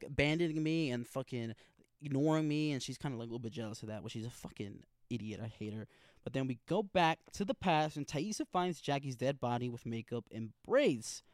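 A man's voice: mid-range voice, smooth, no room sound, clean studio sound. A young man recapping a TV episode from his notes, casual, slangy and full of swearing. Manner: profane, slangy, emphatic. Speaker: TV episode reaction host.

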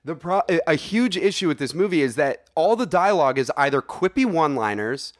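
Laughing, animated young man on a podcast. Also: fairly high pitch, fairly quick. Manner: animated, laughs often, says dude. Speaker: podcast co-host. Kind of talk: casual movie review chat.

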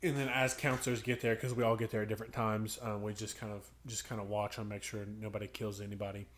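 A man's voice: on the low side, level tone, fast talker, slight background noise. Young male podcast co-host, casual storyteller who acts out kids' voices. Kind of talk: casual chat.

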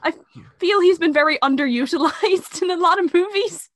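A woman with a very high voice co-hosts a podcast, casually reviewing a TV episode at a moderate pace, laughing easily and using fillers. The recording is dry.

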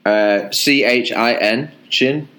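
A young British man co-hosting a podcast, running a slang quiz in loose, sweary banter with lively jumps in pitch. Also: slow. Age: young adult. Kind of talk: casual banter.

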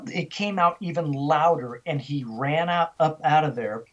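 A middle-aged man, an interview guest, telling a story in animated style and acting out the dialogue he quotes. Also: a little high, unhurried. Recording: dull, lo-fi sound.

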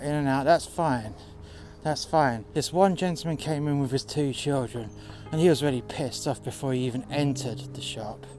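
Fed-up guy ranting about a customer, swears a lot, music going behind. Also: medium pitch. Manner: exasperated, sweary. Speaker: narrator telling a work story. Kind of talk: casual storytelling. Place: outdoors in the cold.

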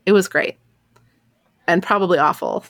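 A woman's voice: on the low side, moderate pace, a bit bright, no room sound, clean studio sound. A woman co-hosting a podcast, chatting casually and playfully and laughing often. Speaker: podcast co-host. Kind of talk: casual chat.

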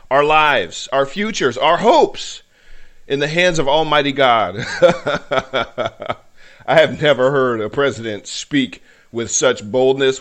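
This podcast host speaks with a medium-pitched, slightly bright voice. He delivers emotional, faith-based commentary in a fervent, preacherly style, his voice climbing with passion and sometimes catching as he chokes up.

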